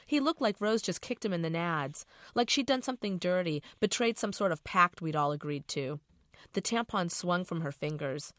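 A woman's voice: on the low side, animated, moderate pace, a bit bright, no room sound, studio quality. A middle-aged woman author reading her novel aloud in a casual, profane first-person voice.

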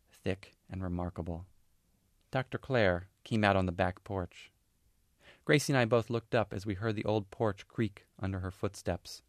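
Male author reading literary fiction; low register, measured pauses, dry close-miked sound. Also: no echo. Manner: measured, unhurried storytelling with pauses. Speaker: author reading his novel.

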